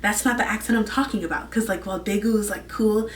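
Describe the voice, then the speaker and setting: A woman's voice: mid-range voice, fast, roomy sound, distant mic, a little hiss or hum. A young woman hosting a vlog, chatting casually and gushing in a rambling way full of "like" fillers. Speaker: vlog host. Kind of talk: casual chat.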